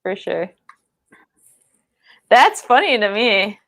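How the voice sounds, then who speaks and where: A woman's voice: medium pitch, big pitch swings, takes it slowly, bright, forceful tone. A woman, a comedian guest on a podcast, chatting casually and encouraging the host. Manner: laughs often, encouraging. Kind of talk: casual chat.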